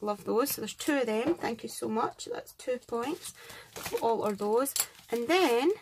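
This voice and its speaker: A woman's voice: on the high side, animated, a little slow, a little hiss or hum. A Scottish woman hosting a craft channel, chatting to camera as she unboxes gifts and gushes over each one. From Scotland. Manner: gushing, chatty, thanks each sender warmly. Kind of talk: casual unboxing chat to camera.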